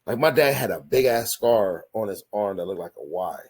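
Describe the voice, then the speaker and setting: A man's voice: fairly low pitch, lively intonation, normal speed, a little mellow, husky. A man in his forties hosting a podcast, telling rambling, profanity-laced stories in a casual chat and often repeating himself. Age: 40s. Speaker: podcast host. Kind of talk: casual storytelling.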